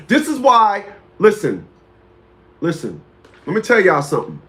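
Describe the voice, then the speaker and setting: A man's voice: high voice, wildly swooping pitch, measured pace, long pauses, fairly bright tone. A man in his fifties hosting a talk show, telling a story in a rambling, casual way, repeating words and greeting viewers by name. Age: 50s.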